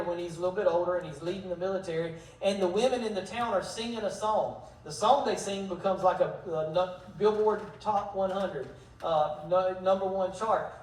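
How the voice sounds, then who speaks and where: Male pastor, high voice, casual storytelling teacher, distant mic in an echoey church hall. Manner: storytelling, retells scripture in modern slang, acts out dialogue. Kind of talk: casual Bible study teaching.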